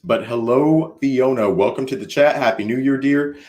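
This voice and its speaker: A man reading tarot on a casual livestream, talking loudly and swinging from mumbles to shouts, at a party indoors. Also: mid-range voice, moderate pace. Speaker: tarot reader hosting a livestream. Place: indoors at a New Year's party. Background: faint party music.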